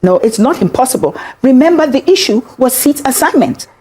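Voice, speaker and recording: An older woman with a high voice answers an interviewer's questions. She speaks in a firm, measured way and sets the record straight without hurry. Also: sing-song, mellow. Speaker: senator, interview guest.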